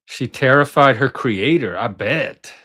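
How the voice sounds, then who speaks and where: A man's voice: mid-range voice, unhurried, bright, forceful tone. Rambling middle-aged man reminiscing. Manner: rambling, self-interrupting, chatty. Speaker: channel host. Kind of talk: casual reminiscing monologue.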